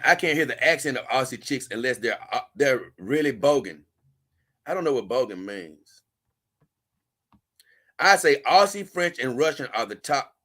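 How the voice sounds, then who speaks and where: Guy on a livestream reading chat, bright punchy voice, rambly and laid back. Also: mid-range voice. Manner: loose, rambling, chuckling asides. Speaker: livestream host. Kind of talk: casual livestream chat reading viewer comments.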